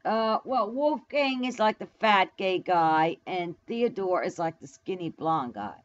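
Her fairly low, expressive voice moves a little slowly, and the camera mic leaves the audio dull. She's a woman on a live stream from home in New York, chatting loosely with viewers and talking back to the chat in blunt, profane terms.

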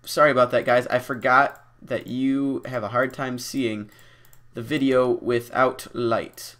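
A man giving casual, rambling commentary while playing a game, self-mocking and deliberately goofy, with lots of ums and restarts. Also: medium pitch, little pitch movement, fairly bright tone. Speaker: gameplay commentator. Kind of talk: casual Let's Play commentary.

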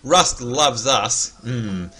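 Lively, bright Australian man hosting. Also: medium pitch, drawn-out words, slightly rough. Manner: chatty, playful, teasing. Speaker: livestream gaming host. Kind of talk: casual livestream chat.

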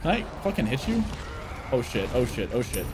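A young man giving live gameplay commentary as a streamer, swearing often and shouting at enemies. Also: mid-range voice, fairly quick. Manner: animated, swears a lot, laughs and shouts at enemies. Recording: game music in the background.

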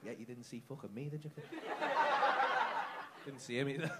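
A man working a comedy club crowd, high and lively in pitch, swearing and mocking as he rants. His voice swings up and down constantly. The live recording carries a clear layer of noise. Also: unhurried. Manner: sweary, mocking, ranting, laughs mid-line. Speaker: stand-up comedian doing crowd work. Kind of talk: live stand-up crowd work.

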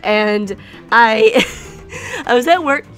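A young woman YouTuber giving excitable, giggly commentary while summoning in a gacha game, pleading with it for the character she wants. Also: on the high side, takes it slowly, faint music behind.

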